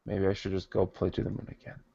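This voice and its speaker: A man with a low, gravelly voice co-hosts a podcast, halting and repeating himself as he goes. The sound is dull lo-fi and dry. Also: monotone, warm tone, dry recording. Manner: halting, repeats words, mumbles. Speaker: podcast co-host. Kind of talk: casual chat.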